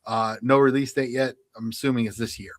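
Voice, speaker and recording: A man co-hosting a radio show, chatting casually and running a quiz, animated and laughing as he tells stories. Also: medium pitch, a little fast, dry recording.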